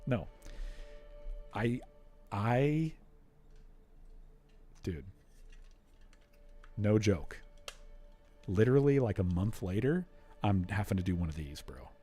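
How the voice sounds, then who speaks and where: Forties male streamer, low husky voice, chatty and excitable, faint game music under him. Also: slow pace, pauses often. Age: 40s. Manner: chatty, excitable, says dude a lot. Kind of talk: casual gameplay stream chat.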